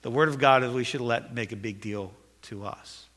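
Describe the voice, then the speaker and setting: A man's voice: mid-range voice, moderate pace, a bit bright, in a large hall. A man preaching a sermon as pastor, earnest and repeating phrases for emphasis, in a church sanctuary.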